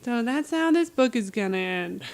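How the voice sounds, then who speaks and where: A woman co-hosting a casual book podcast, retelling the plot with animated energy and easy laughter. Her voice sits somewhat high for a woman. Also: normal speed, clean tone. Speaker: podcast co-host.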